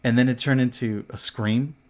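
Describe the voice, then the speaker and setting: Animated man telling a long story. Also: mid-range voice, normal speed. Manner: animated storyteller, swears, laughs often; filler-heavy, acts out what others said. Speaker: podcast co-host. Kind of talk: casual storytelling chat.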